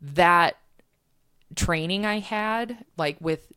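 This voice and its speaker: Brief: low-pitched woman, podcast guest, rambling storyteller, filler-heavy. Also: extremely slow, pushed and bright, clear, resonant tone, no room sound, clean studio sound. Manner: chatty storyteller with many "um"s and "like"s. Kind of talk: casual interview chat.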